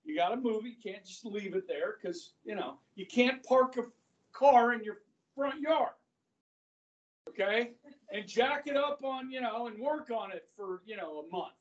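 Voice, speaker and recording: High-voiced teacher telling a story in class. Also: male voice, lively intonation, unhurried. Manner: chatty, keeps checking in with "okay?". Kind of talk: classroom lecture with anecdotes. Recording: distant, muffled classroom recording.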